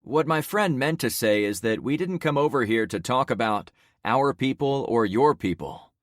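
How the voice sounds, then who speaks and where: Male narrator as a commanding survivor leader, blunt, animated, dry sound. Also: medium pitch, moderate pace, no echo, voice pushed up, natural voice.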